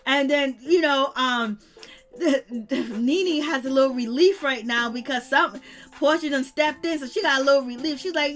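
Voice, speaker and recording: A woman hosting a casual live commentary, talking in slangy, animated asides straight to her viewers. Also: high voice, measured pace. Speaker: reality-TV commentary host.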